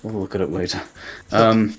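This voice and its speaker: A man hosting a casual chat show, recapping scenes in a rambling, animated way and swearing now and then. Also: on the low side, moderate pace, soft background music. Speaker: podcast host.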